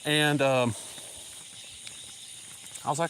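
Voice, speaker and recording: The recording is rough and carries a faint hiss or hum as a Southern-accented vlogger walks a country road, chatting on a live stream amid crickets and insects. His mid-range voice is flat and normal in speed with frequent pauses, and he rambles casually, a bit out of breath, with drawling asides.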